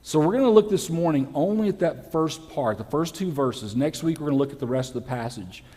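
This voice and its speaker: Animated preacher in a reverberant church. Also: male voice, a little high, a little fast. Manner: lively preaching, acting out quoted voices. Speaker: pastor. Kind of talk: sermon. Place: church sanctuary. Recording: long hall reverb.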